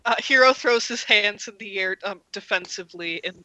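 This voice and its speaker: Bright-voiced woman narrating her character. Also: medium pitch, no room sound, poor audio. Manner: halting, full of ums and restarts. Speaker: player. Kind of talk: casual tabletop game play.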